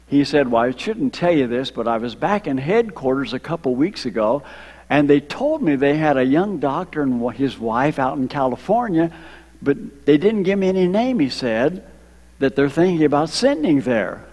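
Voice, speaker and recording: An older man from Ohio, a retired missionary, telling his story to a church congregation, slowing down for emphasis and drawing in the children. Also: fairly high pitch, sing-song, darkish tone. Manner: storytelling, slows for emphasis, engages kids. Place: church sanctuary. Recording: long hall reverb.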